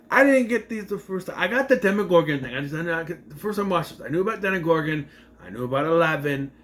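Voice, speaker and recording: A man's voice: a little high, fairly bright tone. A man casually recapping and reviewing a TV episode, rambling and correcting himself as he acts out the scenes.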